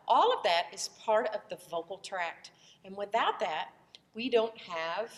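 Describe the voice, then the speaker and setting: A woman's voice: medium pitch, long reverb tail. A woman voice teacher who has a cold, explaining the vocal tract in a loose, conversational lesson and breaking into short vowel demonstrations.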